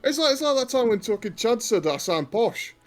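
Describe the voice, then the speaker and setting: A man's voice: extremely high pitch, sing-song, fairly quick, faint music behind. A British man co-hosting a podcast, talking in blunt, sweary banter. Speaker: podcast co-host. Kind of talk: casual chat.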